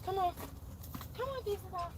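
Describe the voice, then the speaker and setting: A woman with a high voice talks on a live phone stream, chatting offhand while calling and coaxing her dogs, her voice often going up and sharp. Heavy background noise from barking and passing traffic runs under everything. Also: normal speed. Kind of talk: casual live-stream chat.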